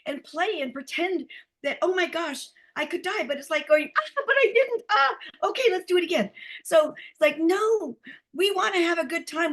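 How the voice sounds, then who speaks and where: Woman, high voice, excitable group-chat storyteller. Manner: animated, excitable storytelling with laughs. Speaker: discussion participant. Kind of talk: casual group video chat.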